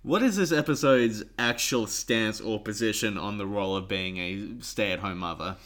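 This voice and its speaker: A man's voice: on the low side, moderate pace, a bit bright. Aussie guy on a podcast, punny and jokey, laughs a lot, chatting casually. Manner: jokey, punning, laughs often. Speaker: podcast co-host. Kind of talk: casual chat.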